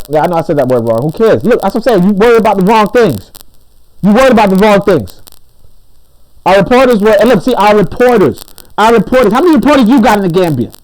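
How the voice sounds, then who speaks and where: A commentary channel host delivers an impassioned monologue, preaching emphatically and often repeating or restarting his words. When he reads aloud, his voice drops lower and calmer. The audio quality is poor.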